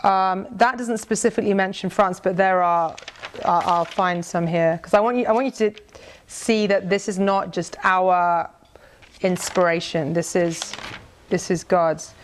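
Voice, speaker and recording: A woman's voice: lowish voice, fairly even intonation, unhurried, slight background noise. Earnest middle-aged woman telling a testimony. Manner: conversational, earnest, with many restarts and reading aloud a prayer. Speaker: speaker sharing a mission testimony. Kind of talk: personal testimony talk to a church group.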